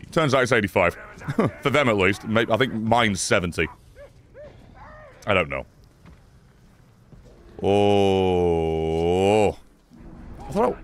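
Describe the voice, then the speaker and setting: A man's voice: on the low side, fairly bright tone, a little hiss or hum. A man giving sarcastic, mocking live commentary as a streamer playing a video game.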